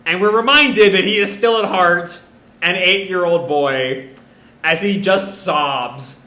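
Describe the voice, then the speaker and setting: A man's voice: high voice, takes it slowly, sharp tone. A young man casually reading out a manga chapter and reacting, chatty with many fillers. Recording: roomy echo.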